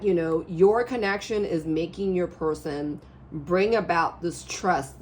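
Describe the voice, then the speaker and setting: A woman reading tarot cards in a rambling, animated way, her voice a little hoarse, often checking in with the listener. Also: fairly low pitch, slight background noise. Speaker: tarot reader. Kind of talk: casual spiritual reading to camera.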